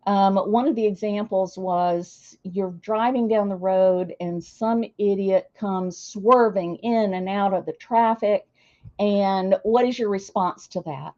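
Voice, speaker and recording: An older woman, chatting warmly and emotionally with her viewers as a streamer. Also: medium pitch, slow pace, highs cut off. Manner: warm, emotional, gushing. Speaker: streamer hosting a celebration. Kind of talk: casual chat to viewers.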